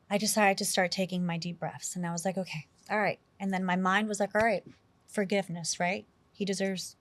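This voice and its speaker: A woman's voice: medium pitch, no room sound. A middle-aged woman from New York City, a guest in an interview, telling a personal story in a candid, casual way full of "like" and "you know".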